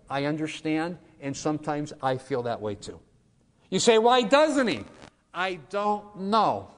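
Earnest man preaching in a reverberant hall. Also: fairly high pitch. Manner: earnest storytelling, acts out quoted voices. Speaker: pastor. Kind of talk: sermon with personal story. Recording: long reverb of a large hall.

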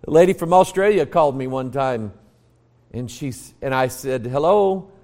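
A man's voice: mid-range voice, expressive, moderate pace, darkish tone. A man with an American accent, a pastor teaching a Bible class in a folksy, storytelling way, quizzing the group and restarting phrases. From United States. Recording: long reverb of a large room.

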